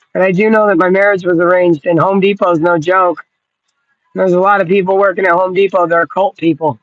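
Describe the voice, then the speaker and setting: A woman's voice: fairly low pitch, no room sound, muffled recording. A woman vlogging from her yard in a loose, rambling way, cooing at dogs and swearing casually. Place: outdoors in a yard.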